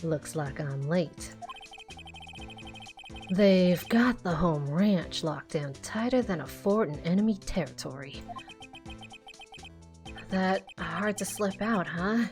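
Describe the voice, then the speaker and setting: A woman's voice: lowish voice, animated, a little mellow. A woman voicing a swaggering middle-aged male cowboy officer in a put-on Texan drawl. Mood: folksy. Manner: slow folksy drawl. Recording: faint game music behind.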